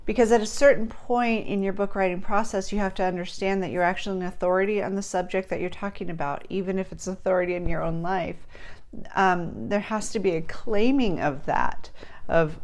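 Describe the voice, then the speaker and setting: A woman's voice: mid-range voice, a little fast. A woman talking casually to camera as a book writing coach, chatty and earnest, with fillers and restarts.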